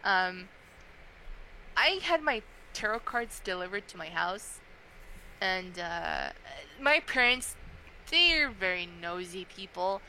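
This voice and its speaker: A young adult woman chatting casually on a podcast, telling a story in a chatty, animated way with many fillers. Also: mid-range voice, slow pace, long pauses, a little hiss or hum, low-quality recording.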